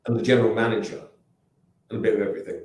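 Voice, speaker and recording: A man's voice: fairly low pitch, flat delivery, rapid-fire, a little mellow. Echoey English man in his sixties, rambling. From England. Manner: rambling anecdotes, frequent restarts and asides. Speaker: company founder guest. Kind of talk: casual interview talk. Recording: very echoey room.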